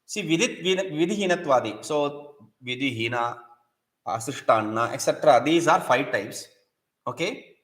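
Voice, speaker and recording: A man's voice: medium pitch, animated, normal speed, fairly bright tone, echoey room, low-quality recording. A man teaching a scripture lesson. He recites Sanskrit verses, then explains them in with many restarts.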